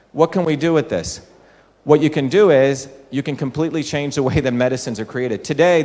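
A man's voice: mid-range voice, darkish tone. A man from India, giving a public talk and explaining with rhetorical questions to the audience. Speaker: speaker addressing an audience. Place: large hall with an audience. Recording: echoey hall.

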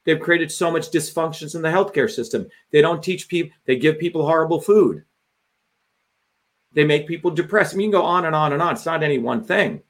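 A man's voice: on the high side, fairly quick. A man hosting a livestream as a political candidate, delivering a fiery rant full of profanity.

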